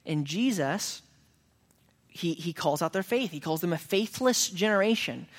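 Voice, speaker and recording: A man's voice: sits high, expressive, a little slow. A man preaching a sermon as pastor, earnest, raising his voice for emphatic quoted lines. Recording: long reverb of a hall.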